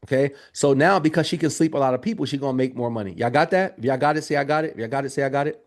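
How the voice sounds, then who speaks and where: A man coaching viewers in casual livestream talk, animated and calling to the chat. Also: medium pitch, rapid-fire. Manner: animated, talks straight to the chat with lots of y'all. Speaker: Airbnb business coach. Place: home office.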